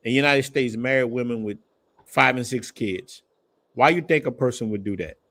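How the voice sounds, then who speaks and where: A man hosting a casual live stream, breaking in loudly and talking in casual slang. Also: medium pitch, moderate pace. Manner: loud interjections, casual slang. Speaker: host.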